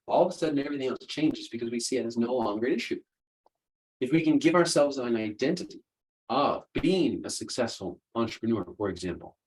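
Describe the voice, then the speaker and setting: A man's voice: mid-range voice, darkish tone, rough recording. A man hosting a solo podcast, explaining ideas in an earnest, conversational way. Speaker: podcast host, coach.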